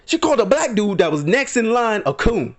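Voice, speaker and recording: Male vlogger, indignant rant, high and very animated delivery. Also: fairly quick. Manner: heated, indignant, acts out quotes in mock voices. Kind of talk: ranting commentary.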